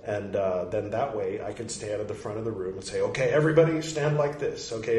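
A man's voice: mid-range voice, a little mellow. A man casually commenting on a reading, rambling and facetious, with frequent asides. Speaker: podcast host reading and commenting. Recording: roomy echo, faint background noise.

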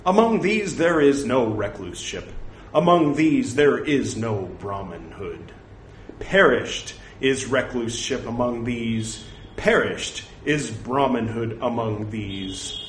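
An angry, insulted woman, read by a man in a scripture recital piles up indignant accusations. The pace is slow and the pitch moves freely. A faint hiss and a ringing room sit behind the voice. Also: roomy sound.

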